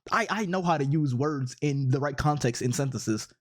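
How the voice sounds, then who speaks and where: A man delivers profane, exasperated commentary on social media posts. His voice sits at an ordinary middle pitch, and he keeps breaking into incredulous outbursts. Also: moderate pace. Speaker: online commentator.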